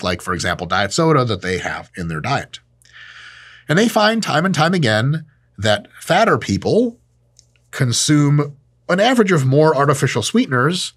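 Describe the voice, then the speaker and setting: A man's voice: mid-range voice, fairly bright tone. A man hosting a casual educational talk in a jokey, irreverent way. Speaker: host.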